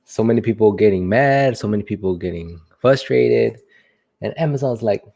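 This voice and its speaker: A man's voice: fairly low pitch, moderate pace, vocal fry, warm tone. A young man hosting a casual livestream, chatting playfully with viewers in slangy, sing-song greetings. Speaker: livestream host, delivery driver.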